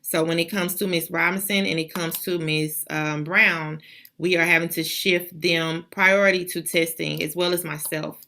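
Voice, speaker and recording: A woman's voice: lowish voice, steady tone, moderate pace, creaky, pushed and bright. Emphatic woman principal rallying her school. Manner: emphatic, repetitive, preacher-like exhortation. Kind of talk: motivational morning address to students and staff. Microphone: video call.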